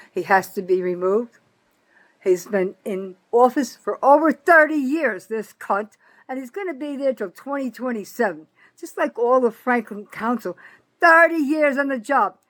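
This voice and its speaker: A woman in her seventies ranting angrily in a political monologue, profane and accusatory, repeating points for emphasis. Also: medium pitch. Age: 70s. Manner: emphatic, repeats herself for stress. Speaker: citizen vlogger.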